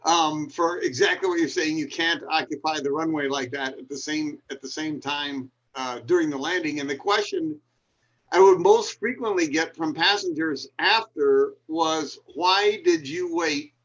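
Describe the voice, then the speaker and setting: A man's voice: fairly high pitch, normal speed, a bit bright. Wry storytelling man over muffled call audio. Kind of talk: live talk show, storytelling.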